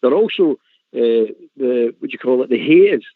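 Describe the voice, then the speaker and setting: A man's voice: mid-range voice, animated, moderate pace, no room sound. Fiery older Scottish man, phone line. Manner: blunt, fiery, repeats his points. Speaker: call-in show panelist. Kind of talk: heated casual chat.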